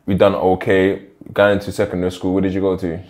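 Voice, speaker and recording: Male host, quick-fire low voice, friendly back-and-forth questions. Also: completely flat delivery, a little mellow. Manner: quick, chatty questions with frequent "yeah" and "mm". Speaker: interviewer. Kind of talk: casual interview.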